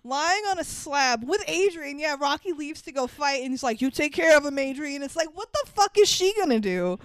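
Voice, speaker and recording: A woman's voice: sits high, sing-song, normal speed, no room sound, clean studio sound. A woman co-hosting a casual podcast chat who talks bluntly, swears freely and laughs while recounting film scenes. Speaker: podcast co-host.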